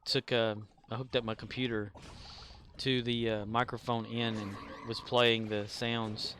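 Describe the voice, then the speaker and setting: A man's voice: medium pitch, flat delivery, measured pace, fairly bright tone, slight background noise. A man streaming a video game, talking casually with his chat, rambling, laughing often and swearing freely. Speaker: livestreamer.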